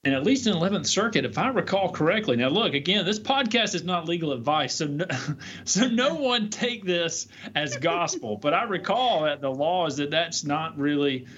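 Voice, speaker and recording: A man, a defense lawyer co-hosting a podcast, talking in an animated, chatty way with lots of hedging fillers. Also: fairly high pitch, moderate pace. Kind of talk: conversational legal podcast discussion. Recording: dull lo-fi audio with faint noise.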